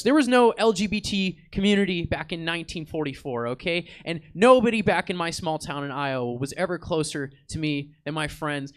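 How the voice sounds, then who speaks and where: A man's voice: fairly high pitch, fairly bright tone, clear, resonant tone, natural voice. A man voicing the ghost of a World War Two soldier, stammering and heartfelt as he tells his story. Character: earnest old WWII soldier ghost, wistful.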